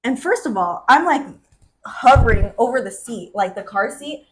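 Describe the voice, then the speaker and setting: A woman in her twenties co-hosting a podcast, telling stories in an animated way with frequent laughter. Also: on the high side, moderate pace. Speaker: podcast co-host. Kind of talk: casual chat.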